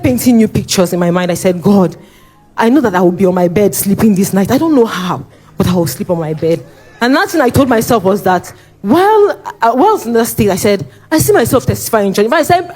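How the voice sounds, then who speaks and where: A young woman with a Nigerian accent giving a church testimony, animated and re-enacting her own shouting and pleading as she tells it. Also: mid-range voice.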